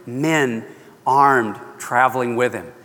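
A preacher doing an urgent messenger. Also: male voice, mid-range voice, slow, fairly bright tone, voice pushed down. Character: urgent male messenger bringing bad news. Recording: long echo of a large hall.

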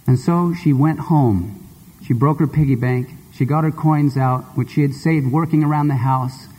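A male preacher giving a sermon and telling a story in an expressive, conversational way. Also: medium pitch, moderate pace, slightly rough. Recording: long hall reverb.

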